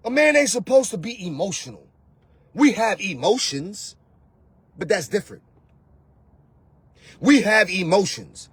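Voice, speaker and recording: Male relationship coach, high and raspy, slangy and preachy, dry sound. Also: expressive, a little slow, long pauses, no room sound. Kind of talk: casual opinion monologue.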